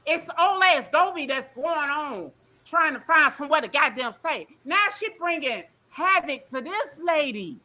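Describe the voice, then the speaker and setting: A woman's voice: high-pitched, animated, a little slow, bright, forceful tone. A woman calling in to a livestream, emotional and ranting bluntly with plenty of swearing. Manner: blunt, profane, rambling. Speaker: caller on a livestream. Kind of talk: emotional call-in rant.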